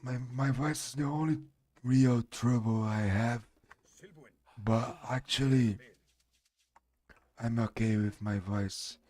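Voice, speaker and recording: A man from Brazil with a Brazilian Portuguese accent and a strong voice, chatting on his live stream in halting English as a non-native speaker. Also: mid-range voice, steady tone, warm tone. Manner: halting, searching for English words. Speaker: game streamer. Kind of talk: casual live-stream chat.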